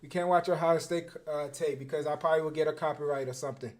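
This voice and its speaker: High-voiced young man, slangy coaching talk. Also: fast. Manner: animated storytelling, slangy, repeats words. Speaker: football coach and former defensive back. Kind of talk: casual livestream film breakdown.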